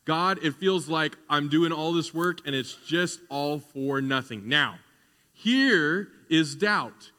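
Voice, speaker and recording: A man's voice: a little high, lively intonation, takes it slowly, sharp tone, in a large hall. A man preaching a sermon as pastor, conversational at times and building to fervent emphasis.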